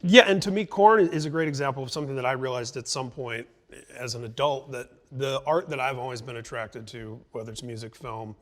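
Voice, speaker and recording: A man's voice: medium pitch, fairly quick, fairly bright tone. A middle-aged man hosts a conversational interview in an ordinary mid-range voice. He speaks in long, reflective turns and builds his points thoughtfully. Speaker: interview host.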